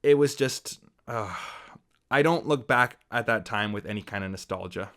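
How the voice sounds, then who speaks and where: Young man, film critic, casual chat to camera, lively voice, acts out quotes. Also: normal speed. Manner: animated, acts out quoted comments with big pitch jumps.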